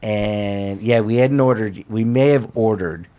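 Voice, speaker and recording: A podcast guest with a lowish, smooth voice tells a story on a talk show at a measured pace. He's a lively, casual storyteller, acting out what others said in a loose, slangy manner.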